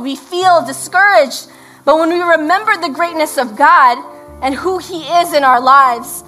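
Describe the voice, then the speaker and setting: A middle-aged woman, a pastor's wife, preaching an earnest sermon, slowing down to read scripture and praying softly at the close. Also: high voice, low-quality recording.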